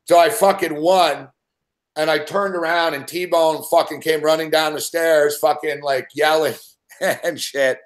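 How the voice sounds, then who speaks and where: A man hosting a betting show, telling a story in a rambling, excitable way and swearing constantly. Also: on the high side, measured pace. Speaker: sports betting show host. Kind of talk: profane casual storytelling.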